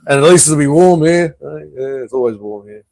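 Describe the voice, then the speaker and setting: A man's voice: a little high, lively intonation, normal speed, vocal fry, darkish tone, no echo. Aussie bloke in his fifties doing a live chat, blunt and sweary, dry close sound. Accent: Australian. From Australia (Tasmania). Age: 50s. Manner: blunt, swears freely, chuckles between remarks. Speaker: live stream host. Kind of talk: casual live chat reading viewer comments.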